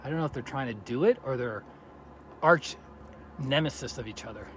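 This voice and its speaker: A man's voice: medium pitch, brisk, fairly bright tone, slight background noise. Breathless, chatty man livestreaming outdoors. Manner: chatty and jokey, greeting viewers by name. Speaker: vlogger livestreaming a road trip. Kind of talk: casual livestream chat. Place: outdoors by a lake. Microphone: handheld phone.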